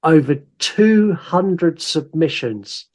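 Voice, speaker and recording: Animated man co-hosting a podcast. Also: a little high, slow pace. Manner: animated, reads listener comments aloud with put-on voices. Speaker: podcast co-host. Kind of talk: casual chat.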